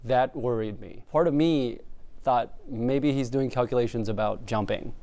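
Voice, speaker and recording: A young Vietnamese man, a local prosecutor being interviewed, gives an emotional first-person account of what happened to him. He sounds earnest and reflective, with a mellow, medium-pitched voice at a moderate pace.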